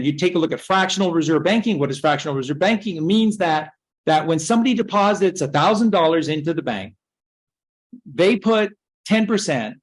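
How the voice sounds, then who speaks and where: A woman's voice: low-pitched, breathy edge, low-quality recording. A woman giving a rambling spoken lecture, emphatic and swearing, firing off rhetorical questions. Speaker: speaker giving a talk.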